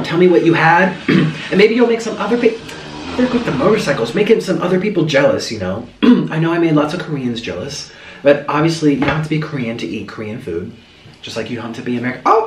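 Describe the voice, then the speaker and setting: A young man with a lively, swooping voice tells a rambling story while eating on camera. He sounds a little above the usual male pitch and sits somewhat back from the mic, so the room gives off a noticeable echo. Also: fairly quick, distant mic, slight background noise. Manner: chatty, rambling, animated. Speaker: mukbang vlogger. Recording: roomy echo, a bit off-mic.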